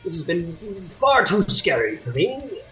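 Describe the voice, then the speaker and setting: A man voicing a cowardly male pirate who keeps running from the fight, in a high, chirpy put-on voice. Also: very animated, measured pace, bright, forceful tone, reverberant, far from the mic, heavily acted. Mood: flustered. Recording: faint guitar music behind.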